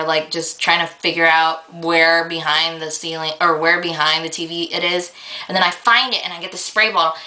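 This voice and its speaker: Bright-voiced young woman rambling. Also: on the low side, rough recording. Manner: rambling, filler-heavy, excitable storytelling. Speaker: vlogger. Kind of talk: casual rant to camera.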